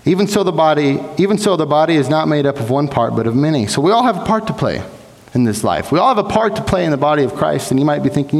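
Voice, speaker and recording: A man's voice: fairly high pitch, lively intonation, quick pace. A young man preaching a sermon in a church sanctuary, earnest and exhorting, sometimes restarting his words. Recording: long hall reverb.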